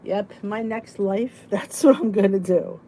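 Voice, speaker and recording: A middle-aged woman hosting a casual weight loss support chat, joking and yawning, with soft whispered asides, and a faint hiss under her voice. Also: mid-range voice, steady tone, measured pace, poor audio. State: sleepy, yawning. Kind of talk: casual live chat reading viewer comments.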